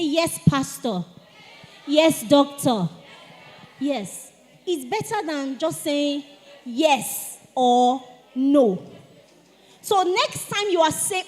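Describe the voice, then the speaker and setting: A woman giving a lively etiquette talk to teenagers at a church retreat, calling on the audience to answer. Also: sits high. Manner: animated, asks the audience to respond. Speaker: speaker at a teen church retreat. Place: church hall. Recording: long hall reverb.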